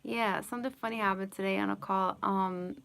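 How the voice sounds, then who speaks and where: This live-stream host, chatting from home, has a medium-pitched voice with fairly even intonation, vocal fry, and a fairly bright, clear, resonant tone, speaking fairly quickly. She answers chat questions in a rambling way full of "like" and "you know," often breaking into giggles.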